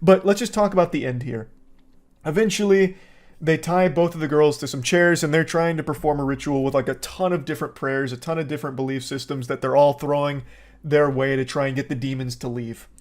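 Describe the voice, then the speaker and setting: A man's voice: a little high, fairly even intonation, brisk. A man, an online movie reviewer, ranting in a sarcastic, exasperated and profane style. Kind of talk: casual ranting commentary.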